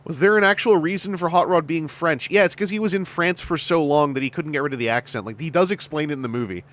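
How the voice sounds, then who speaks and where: A man's voice: fairly high pitch, fast, a bit bright. A man hosting a podcast, chatting casually in a rambling, joking way. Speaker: podcast host. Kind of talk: casual chat.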